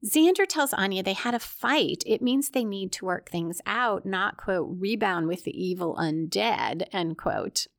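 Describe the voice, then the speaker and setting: A woman's voice: mid-range voice, animated, a little slow, creaky, few pauses, no echo, studio quality. A woman hosting a podcast, recapping a television episode in casual narration with wry, chatty asides. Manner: wry, chatty asides while reading quotes aloud.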